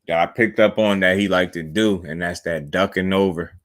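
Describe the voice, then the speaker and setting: A man breaking down a fight in a measured, analytical way. His voice is low and steady, and he backs up his co-host with quiet murmurs of agreement. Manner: measured, analytical, frequent "mm-hmm" backchannels. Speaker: podcast co-host. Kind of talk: casual boxing chat.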